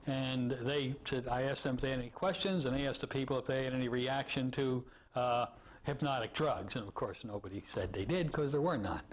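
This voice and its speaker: A man's voice: mid-range voice, fairly quick. A man, a hypnosis instructor, telling an anecdote in a teaching talk and acting out the people in it. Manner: animated storyteller acting out voices.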